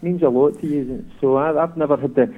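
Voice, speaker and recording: A man's voice: fairly high pitch, fairly even intonation, fast. A middle-aged Scottish man calling in, a former footballer telling stories in a reflective, chatty way. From Scotland. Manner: reflective storyteller. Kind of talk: casual chat. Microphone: phone. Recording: tinny phone line.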